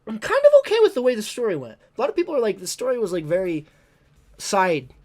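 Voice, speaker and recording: A streamer talking casually on a live stream, gushing and excitable, often stumbling and repeating words. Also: mid-range voice, fast. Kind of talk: casual livestream talk ranking games.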